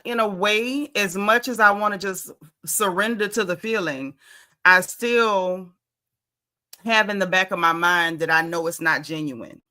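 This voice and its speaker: A middle-aged woman hosts a casual livestream. Her voice is bright and forward, pitched a little low, and she greets each viewer by name in easy, chatty talk. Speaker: livestream host.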